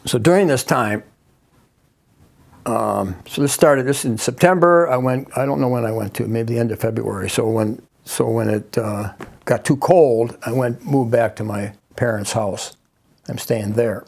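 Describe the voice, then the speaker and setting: An older man with a gravelly, creaky voice at a middle pitch recounts his past as a guest. His telling is halting, with frequent restarts and asides. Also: a little mellow. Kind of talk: personal storytelling.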